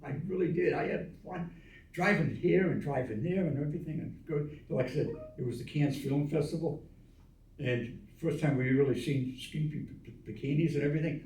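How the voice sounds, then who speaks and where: A man's voice: fairly high pitch, fairly quick. An older man sharing casual memories as a veteran interviewee, acting out the lines of people in his story with chuckles along the way. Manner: animated yarn-spinner who acts out quoted dialogue with chuckles. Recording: roomy echo, voice from a distance of the mic.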